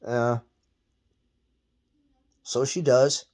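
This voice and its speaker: A man telling a story in blunt, profane, animated casual talk. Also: mid-range voice, drawn-out words. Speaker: guest storyteller.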